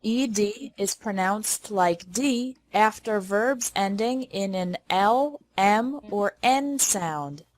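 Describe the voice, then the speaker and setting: A woman leads a pronunciation lesson at a slow, careful pace. She says each model word clearly and deliberately. Her voice sits at a middle pitch. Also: animated. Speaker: English pronunciation teacher.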